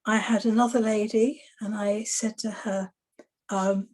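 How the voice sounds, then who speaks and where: A woman's voice: medium pitch, unhurried. A woman who works as an exorcist and soul rescuer, casually telling anecdotes about her past client sessions. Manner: relaxed, chatty, recounting past client sessions.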